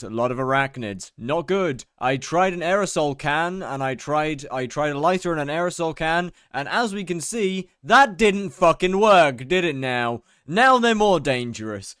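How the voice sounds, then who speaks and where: A man's voice: on the high side, expressive, normal speed, hardly any pauses, a bit bright, clean tone, no echo, studio quality. A young British man chatting casually on a live stream while gaming, rambling and mocking himself as he reads out chat.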